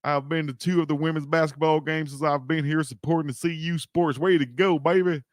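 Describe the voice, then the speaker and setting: A man from South Georgia, hosting a casual livestream and chatting loosely with shout-outs. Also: on the high side, steady tone, fairly quick, dry recording, studio quality. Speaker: livestream host.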